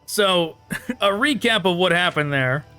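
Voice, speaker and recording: A man's voice: sits high, expressive, a little slow, sharp tone, clear, resonant tone, faint music behind. A man hosting a gaming channel, chatting casually and laughing as he critiques a game while playing it. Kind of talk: casual gameplay commentary.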